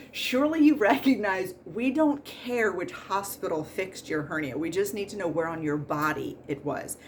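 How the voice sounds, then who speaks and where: A woman's voice: lowish voice, expressive, normal speed, hardly any pauses, a little hiss or hum. A woman in her forties, a nurse hosting a podcast, telling work stories in a casual comedic monologue with exasperated, laughing rants. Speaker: pre-surgery nurse and podcast host.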